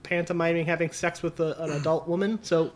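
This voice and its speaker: A man's voice: fairly high pitch, little pitch movement, brisk. A man co-hosting a casual film review chat, blunt and profane, ranting about a movie he dislikes. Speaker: podcast co-host.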